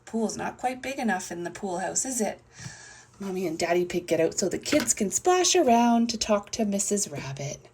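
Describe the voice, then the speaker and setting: A woman reading a children's picture book aloud and narrating toy play, in a soft, hushed voice with playful voices for the characters. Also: mid-range voice, very animated, normal speed, far from the mic, a little hiss or hum. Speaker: storyteller playing with toys.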